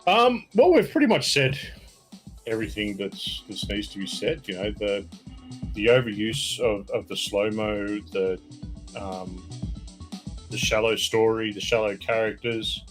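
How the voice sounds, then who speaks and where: A man's voice: lowish voice, expressive, measured pace, faint music behind. Blunt, dismissive man swearing freely. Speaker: guest reviewer. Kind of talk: casual chat.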